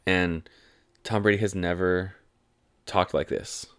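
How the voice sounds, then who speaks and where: A man's voice: deep voice, fairly even intonation, slow pace, a bit bright, dry recording, studio quality. A man in his twenties giving an enthusiastic, chatty fan's take on football. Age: 20s. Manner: chatty, enthusiastic fan rambling. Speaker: sports commentator. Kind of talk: casual sports talk monologue.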